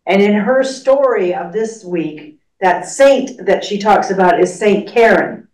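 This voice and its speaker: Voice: medium pitch, lively intonation, unhurried, a little mellow. A class leader teaching a church study class, talking in a conversational, rambling way with fillers. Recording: echoey room, far from mic.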